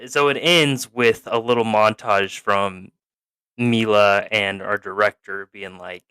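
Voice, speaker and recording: A man's voice: on the low side, steady tone, takes it slowly, pushed and bright, smooth, no echo. A man co-hosting a podcast, rambling through a film recap in casual, profane chat, laughing and acting out the characters as he goes.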